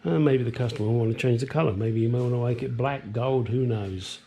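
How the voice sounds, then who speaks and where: A man's voice: mid-range voice, brisk, warm tone, slight background noise. An older man talking casually through his workshop work, chatty and blunt, drifting into rambling asides. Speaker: home mechanic restoring a car. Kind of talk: casual workshop vlog narration.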